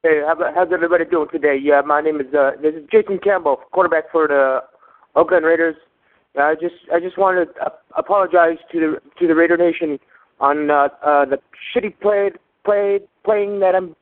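A caller putting on a stammering pleading quarterback. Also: male voice, on the high side, fairly even intonation, brisk, close to an everyday voice. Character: mock quarterback, apologetic, whiny, pleading. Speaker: prank caller. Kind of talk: comic call-in impression. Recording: phone line.

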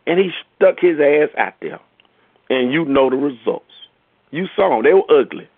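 A man's voice: a little high, animated, normal speed, dry recording. Angry man ranting over a phone line. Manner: angry, profane, rising in heat. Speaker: fan caller. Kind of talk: ranting sports fan message. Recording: dry tinny phone-like line.

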